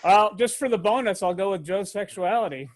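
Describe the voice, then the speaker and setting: A man's voice: sits high, fairly quick, a little hiss or hum. A man co-hosting who throws in dry wisecracks. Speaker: co-host. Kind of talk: casual banter.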